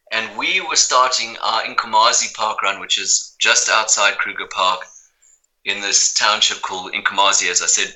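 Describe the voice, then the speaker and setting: A man telling a story as a podcast guest, animated and amused. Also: fairly low pitch, poor audio. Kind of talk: storytelling anecdote.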